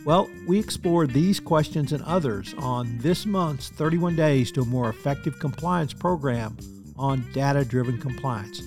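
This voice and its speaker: Man reading a podcast outro over guitar. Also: medium pitch. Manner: brisk, polished. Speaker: podcast host. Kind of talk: scripted outro and promo read. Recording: music bed behind the voice.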